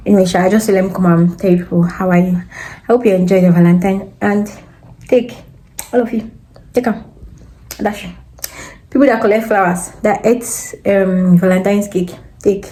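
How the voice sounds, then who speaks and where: Young woman, casual excitable vlog chat, phone mic in a kitchen. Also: mid-range voice, moderate pace, a little hiss or hum, rough recording. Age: young adult. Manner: chatty, excitable, talks to viewers directly. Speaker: student vlogger. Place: home kitchen, indoors. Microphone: phone camera propped up nearby. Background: background music.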